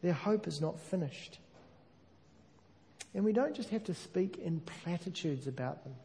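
A man preaching a sermon, earnest and emphatic, slowing down to stress key phrases. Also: high-pitched, animated, creaky, dark tone. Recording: long hall reverb.

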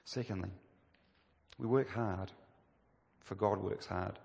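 A man's voice: on the low side, slow, gravelly, a little mellow. A man preaching a sermon, emphatic and full of rhetorical questions. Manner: emphatic, rhetorical questions, rising to stress key phrases. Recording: long reverb of a church hall.

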